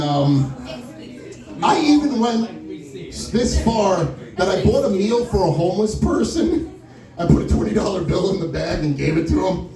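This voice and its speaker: A man's voice: on the high side, mellow. A stand-up comedian, a man, telling self-deprecating, rambling stories on stage in a lounge. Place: wine lounge, live stage. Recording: roomy live room from far off.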